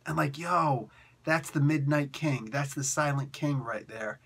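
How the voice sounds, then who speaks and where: Excitable high-voiced man reviewing comics. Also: slightly rough. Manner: excitable, laughing, slangy, does quick voices. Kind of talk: animated comic review rant.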